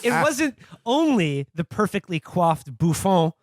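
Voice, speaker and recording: A sardonic man co-hosts a casual podcast, reading passages aloud and picking them apart. His voice sits a little high, recorded dry and close. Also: big pitch swings, unhurried, no echo. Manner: sardonic, reads quotes aloud and mocks them. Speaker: podcast co-host. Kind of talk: casual chat, reading out an article.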